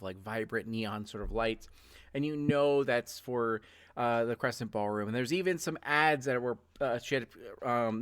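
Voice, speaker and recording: A man narrates a tabletop role-playing session as game master. His telling is loose and rambling, packed with fillers and restarts, at a middling pitch for a man. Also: fairly bright tone. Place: home streaming setup.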